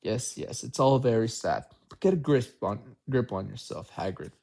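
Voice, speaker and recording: A man reading an audiobook aloud, voicing a stern, anxious older woman teacher, with a raised voice and hushed urgency. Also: medium pitch, lively intonation, normal speed, vocal fry.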